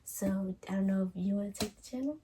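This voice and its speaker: A woman's voice: medium pitch, fast talker, noisy background. Giggly woman vlogger. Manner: giggly, keeps breaking into laughter; drawling, addresses viewers as y'all. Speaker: vlog co-host. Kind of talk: casual chat.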